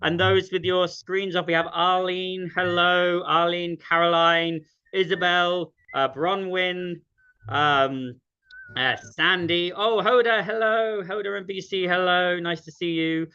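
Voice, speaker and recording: A man's voice: high voice, steady tone, measured pace, bright, forceful tone, clear, resonant tone. Chatty man hosting a video call. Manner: chatty and self-deprecating, many ums. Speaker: host. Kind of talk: casual online sing-along welcome. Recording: dull lo-fi video call audio.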